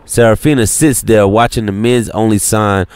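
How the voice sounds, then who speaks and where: A man's voice: lowish voice, normal speed, a little mellow, clear, resonant tone, no echo. Man reading an audiobook, dry sound. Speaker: audiobook narrator. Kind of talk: scripted narration.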